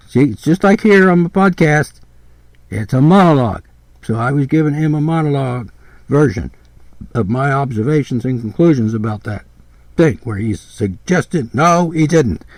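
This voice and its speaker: A man's voice: fairly high pitch, darkish tone, no echo. A man in his seventies giving a blunt, rambling podcast monologue, repeating himself and swearing freely. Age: 70s. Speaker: podcast host.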